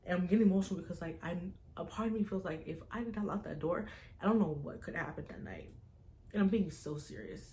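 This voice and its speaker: A young woman, a vlogger, recounting a personal story to camera in an animated, tense way, full of fillers. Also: on the low side, quick pace, a little hiss or hum. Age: young adult. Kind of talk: casual storytime vlog.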